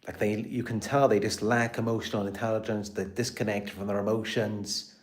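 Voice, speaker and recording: A British man with a lowish, level, brisk voice hosts a live stream about narcissistic abuse. He talks casually and rambles, repeating words, restarting sentences, and leaning heavily on "you know" fillers.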